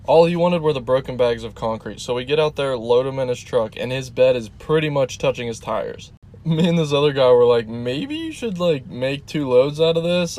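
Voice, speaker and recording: Man, mid pitch, amused and animated storyteller, store worker. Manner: amused, animated retelling, breaks into laughter. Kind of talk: casual storytime to camera.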